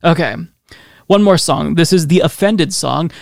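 A man with a fairly high, gravelly voice hosts a podcast, talking casually with dry sarcasm and mocking asides. The sound is close and dry, with no room around it. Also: measured pace, no echo. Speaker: podcast host. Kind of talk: casual commentary reading song lyrics.

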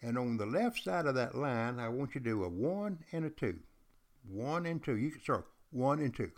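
A man's voice: medium pitch, lively intonation, normal speed. An older man, a retired teacher, hosting a podcast and telling history in an emphatic, repetitive way, speaking straight to his listeners. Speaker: podcast host. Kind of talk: storytelling history lecture.

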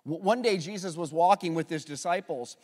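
A man's voice: fairly high pitch, fairly quick, darkish tone, long reverb tail. A man pastor opening a Sunday service, leading the congregation in call-and-response and building toward introducing a guest speaker. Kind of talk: sermon introduction. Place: church sanctuary.

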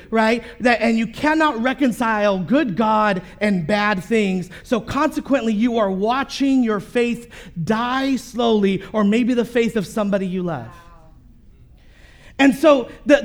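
A high-pitched man preaching a sermon. He tells stories in an animated way, full of restarts and casual fillers, and he addresses his congregation directly. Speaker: pastor.

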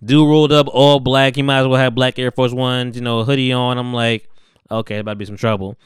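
Slangy man with a very clear voice. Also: medium pitch, level tone, fairly quick, dry recording, clean studio sound. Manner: slangy, laid-back, acts out characters' lines. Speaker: podcast host. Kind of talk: casual chat, recapping a TV episode.

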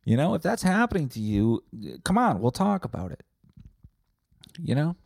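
A man's voice: on the high side, big pitch swings, normal speed, gravelly, a little mellow, no room sound, studio quality. A man hosting a comedy podcast, rambling from tangent to tangent with plenty of swearing. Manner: rambling, profane, tangent-hopping. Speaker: podcast host.

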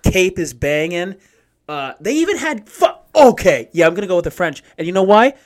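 Young male co-host, lively rambling storyteller, bit of a raised pitch. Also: moderate pace. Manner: animated, swears freely, rambling storyteller. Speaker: podcast co-host. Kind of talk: casual chat.

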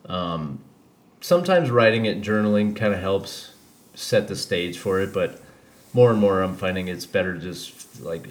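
A man's voice: sits low, expressive, moderate pace. A man hosting a podcast, chatting casually and rambling candidly, swearing freely as he talks. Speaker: podcast host. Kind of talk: casual chat.

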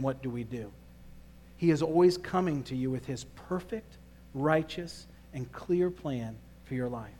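Pastor guy in church, telling a quick story and preaching hard, faint noise behind. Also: mid-range voice, darkish tone. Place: church sanctuary.

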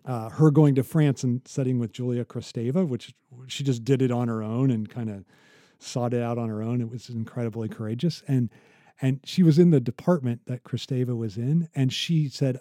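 A man co-hosts an academic podcast in a relaxed, conversational way. His voice is very dark and mellow, recorded dry and close. He talks in halting bursts with frequent restarts as he tells a story. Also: medium pitch, no echo. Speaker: podcast co-host.

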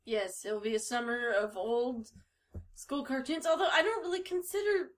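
A woman in her thirties co-hosting a casual podcast chat, giggly and animated, squeamish and quick to say "ew". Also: on the high side. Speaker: podcast co-host.

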